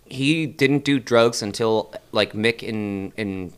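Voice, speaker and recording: A man's voice: lowish voice, takes it slowly, clean tone. A young man co-hosting a podcast in casual chat, talking in a laid-back way with lots of fillers. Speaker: podcast co-host.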